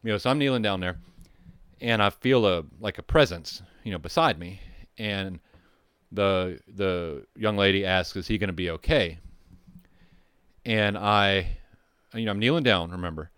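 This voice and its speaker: A man with a deep, smooth voice recounts a call from his firefighting days in a loose, rambling way. He swears freely and circles back with asides and restarts. The recording is close and dry, with no room sound. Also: moderate pace, pauses often, fairly bright tone, no echo. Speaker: firefighter telling a call story. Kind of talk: casual storytelling.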